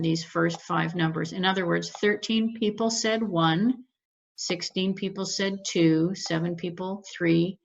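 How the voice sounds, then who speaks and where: A woman's voice: lowish voice, gravelly, a bit bright. A woman teacher walking students through an assignment step by step, patient and methodical, firm about showing their work. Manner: firm about marking rules. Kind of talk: recorded class lecture with screen share. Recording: muffled lo-fi audio.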